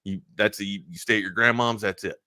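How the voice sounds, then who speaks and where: A man hosting a sports talk show, telling a long personal story in a rambling, animated way full of restarts. He is from Maryland. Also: fairly low pitch, quick pace, no echo, studio quality. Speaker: sports talk radio host.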